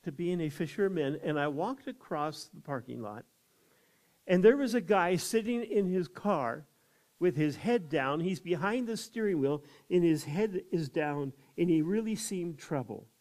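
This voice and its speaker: An older man with a fairly high-pitched voice tells a personal testimony. His delivery is folksy and conversational, and he slips into the voices of the people in his story. He speaks as a chaplain sharing faith experiences. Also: lively intonation, measured pace, darkish tone. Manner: folksy, acts out others' quoted words. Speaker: chaplain and evangelist.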